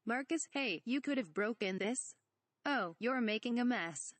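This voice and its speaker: A woman's voice: fairly high pitch, animated, a little slow, dry recording. A woman voicing an irritable young male pilot, reading his snappish lines from a parody script. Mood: annoyed. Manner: exasperated, snappish.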